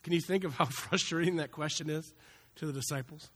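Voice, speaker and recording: A man's voice: on the high side, fairly quick, fairly bright tone. A man preaching a sermon in a conversational, folksy way, acting out little asides as he goes. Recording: long hall reverb.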